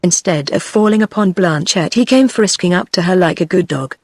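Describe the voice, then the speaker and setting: A computer-generated woman's voice with a British English accent, narrating a fairy tale audiobook in an even, mechanical delivery. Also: fairly low pitch, normal speed, slightly rough, dry recording.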